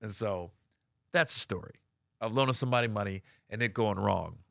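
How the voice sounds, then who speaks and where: A middle-aged man telling a comic story about a friend who owes him money, animated and profane, acting out the other people's lines. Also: on the low side, fairly quick, gravelly, no room sound, studio quality. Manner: animated, profane, acts out quoted voices. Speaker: comedian. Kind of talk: storytelling comedy bit.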